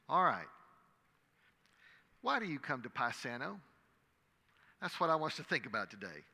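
A man preaching a sermon, reading scripture dramatically and crying out the quoted prayers loudly. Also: medium pitch, big pitch swings, normal speed, pauses often. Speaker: pastor. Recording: long hall reverb.

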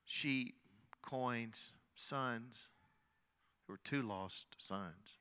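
A man's voice: medium pitch, very slow, bright, forceful tone, clean tone. Earnest man preaching in a reverberant hall. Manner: storytelling, earnest, frequent repeated words. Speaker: pastor. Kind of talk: sermon.

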